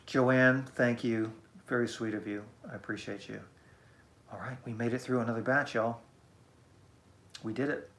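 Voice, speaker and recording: A man's voice: mid-range voice, fairly even intonation, normal speed, long pauses, a bit bright. A man hosting a casual live stream, chatty and self-deprecating as he reads out comments. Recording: echoey room.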